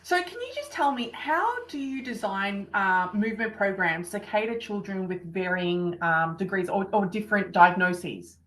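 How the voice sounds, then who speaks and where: A woman hosts a podcast conversation in a casual, friendly way. She speaks with warm enthusiasm and fills her sentences with ums and you-knows. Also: mid-range voice, lively intonation, normal speed, few pauses, low-quality recording. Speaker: podcast host. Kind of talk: casual interview talk.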